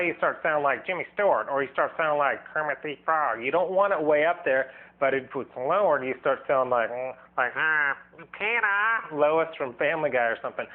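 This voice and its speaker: A man giving a casual singing lesson, loose and rambling, often restarting sentences and demonstrating sounds as he explains. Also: on the high side. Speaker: singing teacher. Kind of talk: casual vocal lesson video. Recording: thin, phone-like band.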